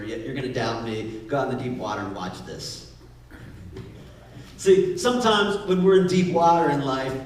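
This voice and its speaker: A male pastor preaching a sermon in a playful, lively way, often acting out voices. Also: a little high. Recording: echoey hall, distant mic.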